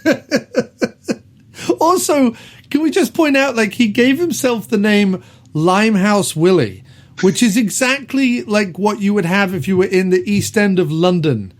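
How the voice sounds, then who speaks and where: A man hosting a podcast, reviewing an old movie in casual chat, rambling with lots of ums and quick laughs. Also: high-pitched, lively intonation. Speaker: podcast host.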